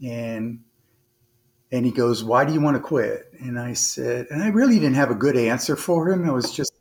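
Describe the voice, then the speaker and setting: A medium-pitched man, a former naval officer appearing as a podcast guest, tells a long story at a moderate pace. He's earnest and conversational, rambling with frequent restarts and fillers while animatedly retelling it with quoted dialogue.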